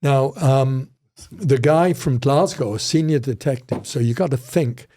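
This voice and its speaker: A man's voice: mid-range voice, a little slow, mellow. An older man, a criminology professor, telling rambling stories with frequent restarts in a casual interview.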